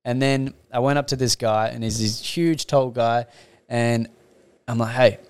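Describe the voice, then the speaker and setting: Smooth-voiced young podcast host, a man. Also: mid-range voice, measured pace. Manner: relaxed, friendly, chatty. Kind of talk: casual interview chat.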